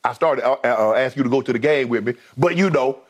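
A man co-hosting a lively sports debate show, animated and often raising his voice to quote players. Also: mid-range voice, brisk.

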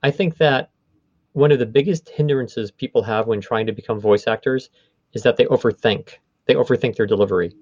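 A man's voice: mid-range voice, fairly quick, darkish tone, no room sound, lo-fi sound. A man who runs a voice studio, explaining his field in a conversational interview, often stopping to rephrase. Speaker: voice studio owner.

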